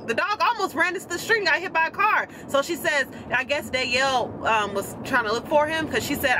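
A woman's voice: a little fast, few pauses, noisy background. Chatty young woman vlogging. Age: 20s. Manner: chatty, animated storytelling, high-pitched when quoting others. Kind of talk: casual chat.

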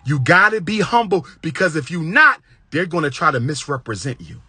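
Male speaker, impassioned lecture, somewhat high voice with a husky edge, booming then hushed, repeats lines for effect. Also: big pitch swings, normal speed, no echo. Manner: preacherly, swings between loud high exclamations and low hushed asides; repetitive, emphatic cadence. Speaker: public speaker giving relationship advice.

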